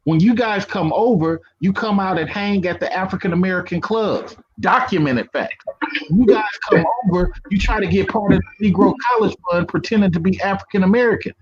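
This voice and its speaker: A man's voice: high voice, fairly quick, a crowd in the background. A man arguing a point in a heated online debate, insistent and given to repeating himself. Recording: dull lo-fi online call audio.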